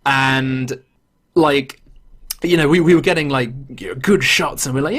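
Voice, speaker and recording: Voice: mid-range voice, normal speed, fairly bright tone. A podcast host, telling a story in casual chat and swearing freely.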